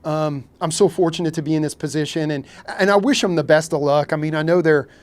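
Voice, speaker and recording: A man's voice: a little high, steady tone, quick pace. A man from Kentucky, a fishing captain, talking bluntly and rambling in a casual podcast interview. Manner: blunt, candid, says he has no filter; rambling, repeats "man" and "you know".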